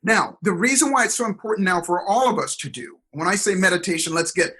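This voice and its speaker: Bright husky-voiced energetic man. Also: high voice, fast, low-quality recording. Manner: energetic, expressive, acts out dialogue. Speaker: guest, performance coach. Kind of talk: animated storytelling interview.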